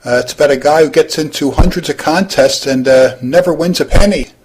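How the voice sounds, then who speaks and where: A man's voice: on the high side, brisk, a little hiss or hum. A man hosting a comedy roast, interviewing classmates with lots of hesitant fillers.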